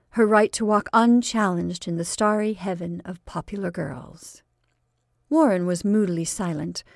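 A woman reads a classic short story aloud, measured and expressive. Her voice carries a gravelly fry. The sound is dry and close. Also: mid-range voice, no room sound.

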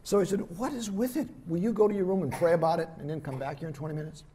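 An older man, a missionary preacher, telling lively stories in a sermon and acting out the voices of the people in them. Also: a little high, very fast, slight background noise. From United States. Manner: animated anecdotes, voices quotes, laughs at himself. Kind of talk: storytelling sermon. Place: church hall.

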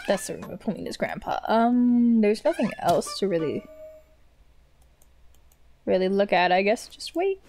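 A woman's voice: mid-range voice, a little slow, pauses often, darkish tone, slight background noise. A woman streamer playing a game, reading and translating its lines aloud with casual, swearing jokes between them. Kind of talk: casual let's play commentary. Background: faint game music.

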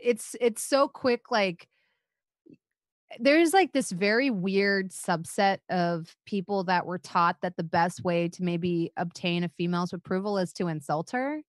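Animated young woman, swears freely. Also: on the low side, a little slow, no echo, clean studio sound. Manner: animated, frequent "like" fillers, swears. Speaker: podcast co-host. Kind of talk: casual chat, storytelling.

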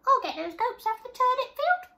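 Lady putting on a teeny squeaky bee girl, plucky and bold, way up high, storybook voice. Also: very animated, moderate pace, pushed and bright, reverberant, full character voice. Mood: eager. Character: tiny bold female bee, plucky and determined.

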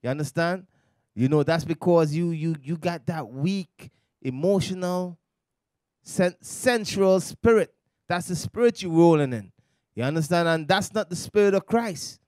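A man's voice: a little high, unhurried, darkish tone, no echo, clean studio sound. A man preaching to a men's gathering, exhorting and asking if they understand. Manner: exhorting, repeats "you understand?".

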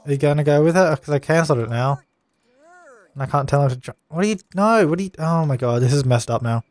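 A man's voice: a little high, fast, a little mellow, no room sound. Chatty young man commenting on gameplay. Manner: chatty, easily exasperated, laughs at the game. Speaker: let's play gamer.

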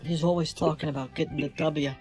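A man's voice: a little high, steady tone, fast talker, music in the background, lightly acted. A man playing a fussy elderly grandmother who answers her husband with dry, sarcastic quips.

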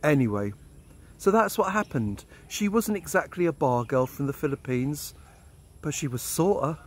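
A man's voice: a little high, lively intonation, normal speed. A middle-aged man, an expat vlogger telling a personal story in a candid, blunt way. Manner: candid, blunt, swears freely. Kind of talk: storytelling monologue.

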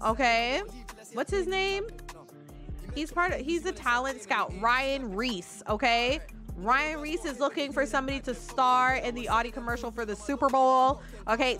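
A woman with a fairly high voice chats through a life-sim game, swearing freely and dropping into her characters' thoughts. Her talk is loose and conversational. Music plays clearly under her voice. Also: fairly bright tone. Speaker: gameplay commentator. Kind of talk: casual let's play commentary.

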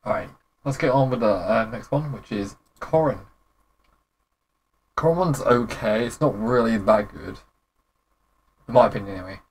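A young man giving casual, rambling commentary as a gaming YouTuber, with relaxed, slangy reactions. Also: mid-range voice, moderate pace, pauses often, a little hiss or hum.

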